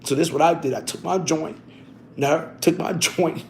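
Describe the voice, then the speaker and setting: Slangy man telling a street story, slightly high voice. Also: steady tone, slight background noise. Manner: slangy, loose delivery with frequent "you heard" tags; halting, self-correcting when reading text aloud. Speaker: storyteller recounting his own past. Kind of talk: casual street storytelling and reading aloud from a book.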